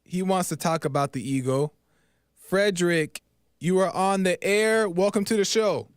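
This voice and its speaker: A man's voice: high voice, moderate pace, clear, resonant tone, no room sound, studio quality. A man hosting a live call-in faith talk show, preachy and encouraging, repeating his key phrases. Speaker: host.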